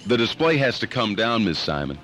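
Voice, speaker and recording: A man voicing a stiff, deadpan male police sergeant who keeps saying ma'am in a prank phone call. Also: on the low side, a little fast, noisy background. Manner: deadpan, formal, ends lines with ma'am. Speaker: prank caller.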